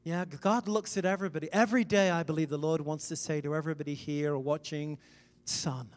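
Man preaching, high-pitched, emphatic swells, long hall reverb, from wales. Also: steady tone, quick pace. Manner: emphatic, conversational preaching with sudden loud swells. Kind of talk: sermon.

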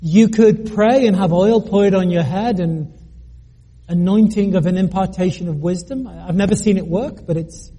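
Middle-aged male preacher, husky high voice, earnest storyteller with wry asides. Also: moderate pace, warm tone. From United Kingdom. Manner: earnest, self-deprecating, with joking asides and stammered restarts. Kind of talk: sermon with personal story.

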